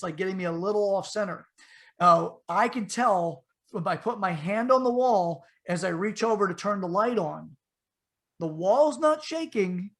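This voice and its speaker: A middle-aged man telling a story in a casual podcast chat, his voice jumping up and getting loud whenever he quotes himself. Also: sits high. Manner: animated storyteller, voice rises sharply when quoting himself. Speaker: podcast co-host.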